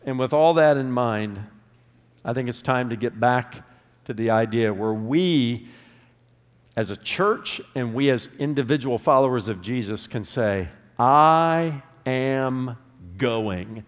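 Emphatic preacher man, lively pitch. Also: big-room sound. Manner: emphatic, leads the congregation in call-and-response. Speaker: pastor. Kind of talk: sermon. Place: church sanctuary.

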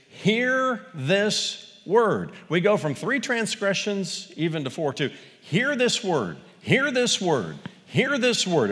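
Guy preaching a sermon in a church, voice jumps all over, big echoey hall. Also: on the high side. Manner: animated preaching with sudden loud exclamations and quiet asides. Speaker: pastor. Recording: long reverb of a large hall.

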